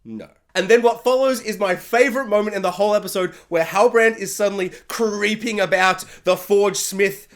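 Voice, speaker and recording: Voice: mid-range voice, moderate pace, hardly any pauses. Aussie reviewer ranting about a tv finale, jokey, keeps slipping into goofy character voices. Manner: animated and jokey, acting out characters in silly voices. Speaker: TV show reviewer. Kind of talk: comedic spoiler review rant.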